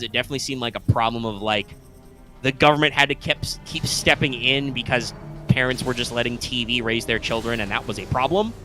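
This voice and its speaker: A man's voice: medium pitch, pushed and bright. A young man co-hosting a live stream, chatting casually in a rambling, self-interrupting way with frequent swearing. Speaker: co-host of a live stream show.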